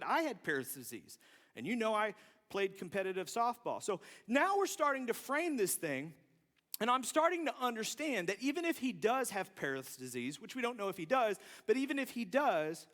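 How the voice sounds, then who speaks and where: Man preaching in an echoing hall. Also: high voice. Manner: personal, self-deprecating, animated storytelling. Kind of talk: sermon storytelling. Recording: long reverb from a large hall.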